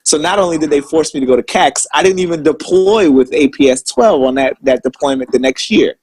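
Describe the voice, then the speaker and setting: A man's voice: fairly high pitch, fairly quick, a little mellow, breathy edge, poor audio. A man telling old service stories in casual, profane chat, swearing constantly and sounding indignant. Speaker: Marine veteran telling stories.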